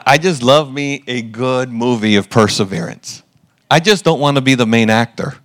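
A male pastor delivering a sermon in an easy storytelling manner. He uses self-deprecating humor, and his voice sits at an ordinary mid pitch. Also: fairly bright tone.

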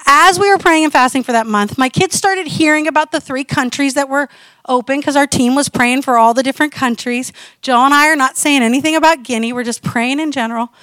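A high-pitched woman in her forties tells her missionary testimony from the pulpit, animated and conversational. The sound is dry and close, with no room around her voice. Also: brisk, dry recording. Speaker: missionary speaker. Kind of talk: testimony sermon.

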